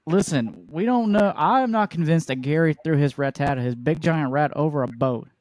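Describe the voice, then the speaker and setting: A man's voice: a little high, brisk, darkish tone, no room sound. A man in a casual podcast chat, enthusiastic and opinionated, who jokes as he goes. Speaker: podcast participant.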